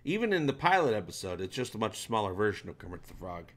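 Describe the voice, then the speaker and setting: A man's voice: fairly low pitch, very animated, fast. A man hosting a livestream, chatting loosely and reading out viewer comments, with casual swearing. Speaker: livestream host.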